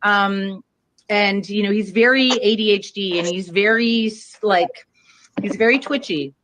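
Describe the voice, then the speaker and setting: A woman's voice: mid-range voice, fairly even intonation, a little slow, fairly bright tone. A woman telling a long story in casual chat, rambling and swearing, with many fillers. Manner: rambling, profane, lots of fillers.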